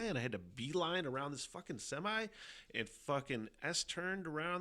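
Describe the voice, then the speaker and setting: A man's voice: medium pitch, lively intonation, fairly quick, a bit bright, dry recording. A middle-aged man from hosting his own podcast, rambling casually and swearing a lot, with plenty of fillers. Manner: rambling and profane, with frequent fillers and laughs. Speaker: podcast host. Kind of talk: casual solo podcast monologue.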